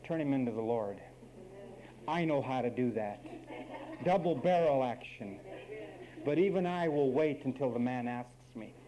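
Mellow-voiced preacher man, emphatic sermon. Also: medium pitch, expressive, a little slow, a little hiss or hum, poor audio. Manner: emphatic, wry, addresses congregation directly.

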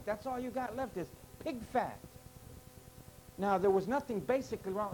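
A man's voice: high-pitched, animated, moderate pace, mellow, slight background noise, rough recording. A man preaching a sermon to a congregation, emphatic and full of rhetorical questions. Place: church with parking lot.

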